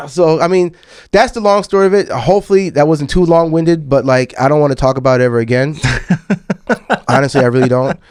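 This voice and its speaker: A man's voice: on the high side, fairly quick, darkish tone, no echo. A man in his thirties, a podcast host and DJ, telling a long personal story in a casual, profane way and often calling the listener "dog.". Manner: laid-back and profane, calls the listener "dog".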